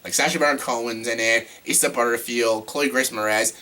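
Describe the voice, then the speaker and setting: Guy doing a casual movie ranking vlog, bright sharp voice, super excitable and gushy, swears casually. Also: mid-range voice, a little fast. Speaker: movie reviewer.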